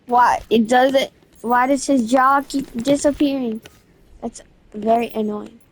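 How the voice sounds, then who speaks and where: A woman narrating a game event in a casual, excited, slangy way, restarting her sentences again and again. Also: fairly high pitch, unhurried. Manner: rambling storytelling with constant restarts. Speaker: gaming video creator.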